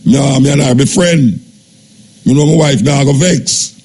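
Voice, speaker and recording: An older Jamaican man hosting a radio talk show. He gives a measured, skeptical monologue in Jamaican Patois. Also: mid-range voice, a little mellow, breathy edge. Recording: radio broadcast with faint background noise.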